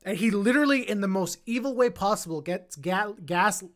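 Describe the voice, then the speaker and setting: A woman hosting a casual film podcast, talking animatedly and repeating words when she gets excited. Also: mid-range voice, fairly quick. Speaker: podcast host.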